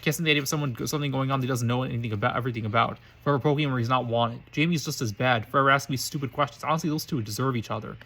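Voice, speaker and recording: A man reading a scornful, arrogant eleven-year-old boy aloud from a fan story, quick and stumbling over words. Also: medium pitch, fairly bright tone. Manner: quick reading with frequent slips and restarts. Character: arrogant pure-blood boy of eleven, contemptuous.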